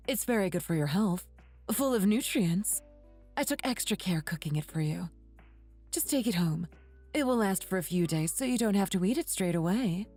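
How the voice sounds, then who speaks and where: A woman voicing a meek elderly mother in an animated story, apologizing and pleading softly. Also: lowish voice. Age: older.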